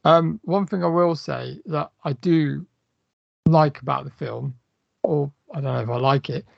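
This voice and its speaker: A man's voice: a little high, measured pace, creaky, no room sound. A man co-hosting a film review chat, easygoing and keen to find the positives. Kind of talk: casual chat. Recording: dry, dull lo-fi sound.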